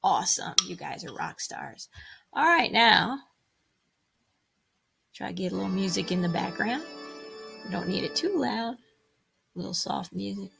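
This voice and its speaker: A woman's voice: mid-range voice, animated, moderate pace, gravelly, long pauses. A woman music teacher giving an online rhythm lesson for children, upbeat and encouraging, counting and chanting rhythms aloud.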